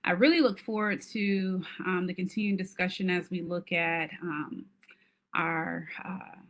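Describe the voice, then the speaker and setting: A woman healthcare advocate gives a measured, formal introduction to a task force. Her voice sits a little low. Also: steady tone, fairly bright tone.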